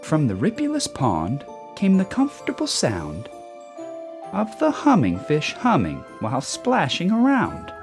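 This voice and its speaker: A woman reading a rhyming children's book aloud in an expressive storytelling manner. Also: deep voice, unhurried. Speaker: storybook reader. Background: soft background music.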